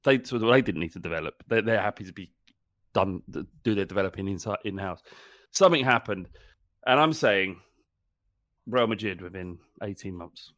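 Blunt, swearing co-host. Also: male voice, fairly low pitch, animated, moderate pace, a bit bright, no room sound. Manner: blunt, swears, riled-up banter. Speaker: podcast co-host. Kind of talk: casual chat.

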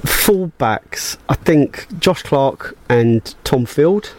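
A man's voice: medium pitch, expressive, very slow, a little mellow. A man co-hosting a casual football radio chat, hesitant and jokey, stumbling through restarts. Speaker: podcast co-host. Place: radio studio.

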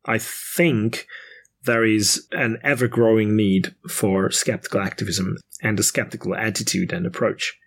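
A man's voice: on the low side, steady tone, gravelly, slightly rough. Earnest male podcast co-host. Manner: earnest, thoughtful, hesitant fillers, quick to laugh. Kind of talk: casual podcast discussion.

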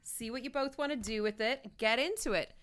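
A woman's voice: a little high, brisk, fairly bright tone. A woman co-hosting a podcast, giving playful, bawdy advice in casual chat. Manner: bawdy, playful, bursts into silly sing-along. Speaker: podcast co-host.

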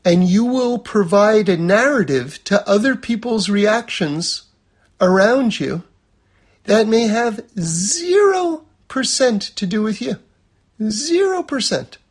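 High husky male teacher. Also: lively intonation, takes it slowly. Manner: conversational, illustrates points with everyday examples. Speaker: religious teacher. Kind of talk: lecture on a religious text.

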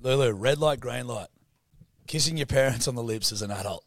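A man's voice: medium pitch, brisk, gravelly, dry recording. A rowdy young Australian man trading jokes on a podcast, swearing freely and breaking into laughter. His voice sits mid-range and comes through close and dry, with no room sound. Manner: boisterous, sweary, laughs often. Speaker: podcast co-host. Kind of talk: casual banter.

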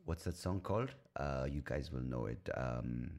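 Very deep-voiced man rambling. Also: lively intonation, normal speed, darkish tone. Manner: rambling, self-mocking, swears freely. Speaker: podcast host. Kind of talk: casual solo podcast chat.

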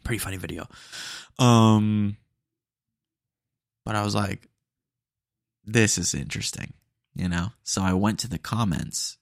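A man's voice: on the low side, measured pace, vocal fry, pauses often, no echo, studio quality. A young man hosting a podcast, telling retail stories in a chatty, slangy way with lots of fillers. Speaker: podcast host. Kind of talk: casual storytelling monologue.

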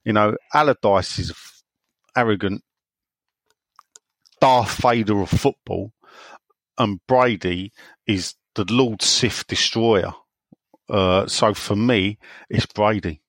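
A man's voice: on the low side, slow pace, pauses often, fairly bright tone, dry recording. A man co-hosting a casual podcast, reading listener questions aloud and joking around with his co-host. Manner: jokey, banters and reads messages aloud. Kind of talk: casual chat.

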